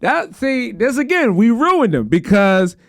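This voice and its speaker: High voiced guy on a podcast, cussing a lot, telling stories, dry close mic. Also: a little slow, no echo. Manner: profane, animated storytelling. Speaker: podcast host. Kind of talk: casual chat.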